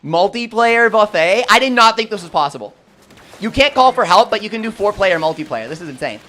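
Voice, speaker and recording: A young man commentating live gameplay and chatting with his viewers, swinging between hype and quick explanations. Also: high-pitched, animated, pushed and bright. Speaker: gaming streamer.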